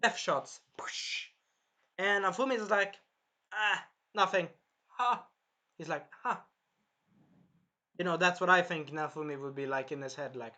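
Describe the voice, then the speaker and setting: A man recapping and reviewing an anime episode in a rambling, self-correcting way, with a sore throat that he keeps clearing, acting out the characters' lines. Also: on the high side, a little slow, pauses often, pushed and bright. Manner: rambling, jumps around and corrects himself, acts out characters' lines.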